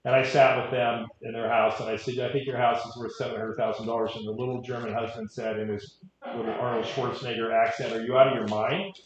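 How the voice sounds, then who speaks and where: Man, wry conversational coaching, booming echo, muffled sound. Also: little pitch movement, fast. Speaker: real estate trainer. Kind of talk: training talk with stories. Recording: echoey, dull room audio.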